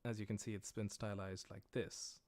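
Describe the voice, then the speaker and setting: A man's voice: on the low side, flat delivery, moderate pace, a little mellow. An American man teaching a livestreamed language lesson, explaining patiently as he writes, with frequent "uh" and "um" fillers. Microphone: livestream microphone.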